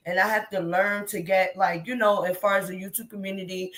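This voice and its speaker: A woman's voice: mid-range voice, steady tone, a little fast, few pauses, a bit bright, poor audio. A woman in her thirties calling in to a live stream, talking emphatically and rambling with many restarts. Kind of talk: impassioned call-in commentary. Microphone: remote call.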